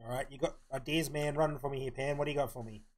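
A young man rattles off rapid-fire commentary during a live game stream, thinking aloud and mumbling his next moves. His voice is mid-range with fairly even intonation.

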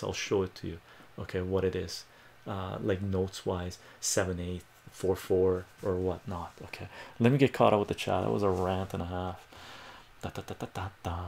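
On a livestream, a math tutor rambles through a personal story and chats casually with viewers, acting out the voices of people he quotes. His voice is lowish, gravelly and a little mellow, with slight hiss or hum in the audio.

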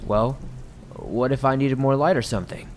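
A man voicing a creepy stranger with a bright light, who speaks awkwardly and stammers, in a horror story narration. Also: medium pitch, steady tone, normal speed, soft background music, voice pushed up, lightly acted. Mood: awkwardly pushy.

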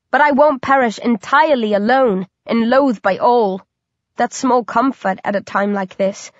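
A woman giving a dramatic, expressive first-person reading of a horror audiobook. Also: on the high side, dry recording. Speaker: audiobook narrator. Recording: dull lo-fi dry recording.

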